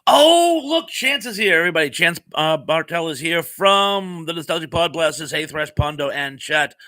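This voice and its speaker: A man hosting a casual live chat stream, reading viewer comments aloud at his desk mic. His voice is bright and forward, and his talk rambles with fillers, quick asides and easy chuckles. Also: on the high side. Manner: chatty, rambling, reads comments aloud with frequent fillers and laughs.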